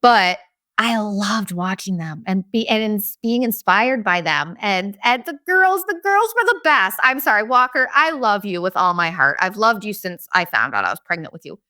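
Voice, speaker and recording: Animated, bright-voiced profane woman ranting. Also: mid-range voice, moderate pace. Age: 40s. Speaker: podcast host. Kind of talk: casual comedic storytelling monologue.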